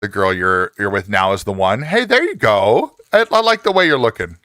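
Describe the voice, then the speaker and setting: On this live stream, a man in his forties chats with viewers and reads what they send. He laughs frequently and his pitch jumps up when he's excited. The pace is moderate, and the studio-quality audio carries no room sound.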